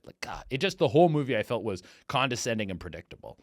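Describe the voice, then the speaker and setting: A man's voice: medium pitch, fast, hardly any pauses, no echo, studio quality. A man in his thirties hosting a comedy podcast, ranting casually with lots of swearing and mocking quoted voices. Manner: profane, animated, mocking put-on quotes.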